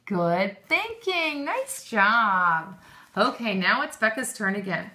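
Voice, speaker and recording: A woman's voice: mid-range voice, big pitch swings, takes it slowly, pushed and bright. A woman teaching a lesson to young children, encouraging them and praising often, with questions drawn out.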